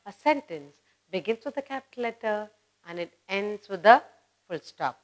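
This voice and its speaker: Woman teacher, mid-pitched, patient classroom delivery. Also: expressive, normal speed. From India. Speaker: English teacher. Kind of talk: explaining a grammar lesson.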